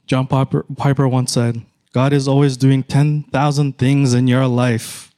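A middle-aged man with a Filipino accent, preaching a sermon in a measured, emphatic way with repeated phrases. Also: mid-range voice, level tone, dark tone. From Philippines. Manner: slow, measured, emphatic repetition.

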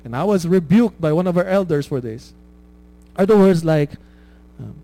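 Here a man preaches conversationally as a pastor, tagging lines with "right?" and chuckling at his own anecdotes. His fairly high, dark-toned voice moves at normal speed with lively intonation, though the recording is low quality.

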